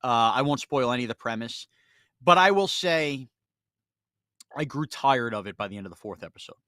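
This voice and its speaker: A man's voice: mid-range voice, moderate pace, no room sound, clean studio sound. A man hosting a sports radio show, telling stories in casual, self-mocking banter. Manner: storytelling, animated, self-mocking.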